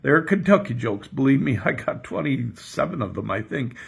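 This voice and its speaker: Here the older pastor sounds creaky and slightly rough, with a medium pitch, lively intonation, a moderate pace, and few pauses. As a podcast host he rambles through casual morning chat and jokes from his home porch, chuckling as he goes.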